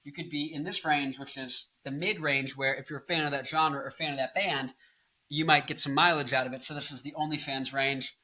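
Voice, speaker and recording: A man's voice: fairly high pitch, steady tone, brisk, poor audio. Zany tired young man ranting about music. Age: early 20s. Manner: zany, bursts into loud off-key singing and mock anger. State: tired late in the day. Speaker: rock singer and guitarist, channel host. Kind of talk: casual talking-head music commentary.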